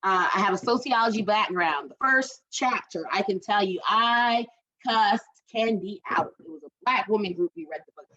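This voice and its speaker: A woman's voice: mid-range voice, moderate pace, bright, forceful tone, dull audio. A woman in her forties, a guest speaker at a community forum, talking casually and animatedly, with many fillers and "right?" asides. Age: 40s. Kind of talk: casual storytelling talk.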